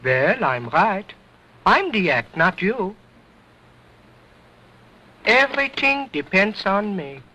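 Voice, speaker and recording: A man's voice: sits high, very animated, slow pace, long pauses, sharp tone, voice pushed up, exaggerated voice. A man doing a cheeky little boy dummy. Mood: sassy. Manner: wisecracking in broken English. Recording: dull lo-fi old recording.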